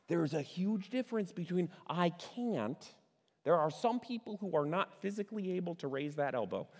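A middle-aged male pastor preaches with a fairly high voice, keeping it conversational and throwing questions out to the crowd. He slows right down on the words he wants to land. The sound rings with the long reverb of a big hall. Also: very animated, a little mellow. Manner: conversational, asks the audience questions, stresses words by slowing down. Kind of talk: sermon.

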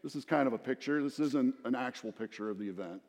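A man's voice: medium pitch, quick pace, a little mellow. A middle-aged man preaching a sermon in a conversational, storytelling way, with asides to the congregation. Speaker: pastor. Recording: long hall reverb.

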